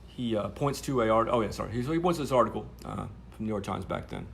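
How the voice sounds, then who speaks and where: A man's voice: on the low side, quick pace, gravelly. A man telling a story to camera in a sardonic, rambling way, with many fillers.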